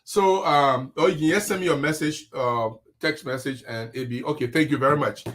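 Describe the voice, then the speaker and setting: A man hosts a live online talk show in a fairly high voice. He leans hard on every point and speaks with deliberate emphasis. He sounds middle-aged. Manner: emphatic, forceful delivery.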